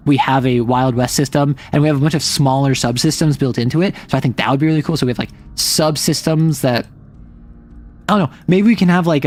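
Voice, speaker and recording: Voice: mid-range voice, darkish tone. A young adult livestreamer chatting casually at home, rambling with fillers and self-corrections. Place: home room with roommates nearby.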